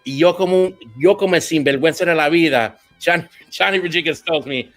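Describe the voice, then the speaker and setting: A man telling stories in a casual interview, animated and laughing, dropping in Spanish phrases. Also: a little high, fast, soft background music. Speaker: guest musician.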